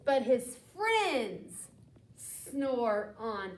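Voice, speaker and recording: A young adult woman teacher reading a picture book aloud to children in an animated, expressive way, with asides to them. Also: sits high, slow pace. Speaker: teacher leading a language group. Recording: echoey room with faint background hum.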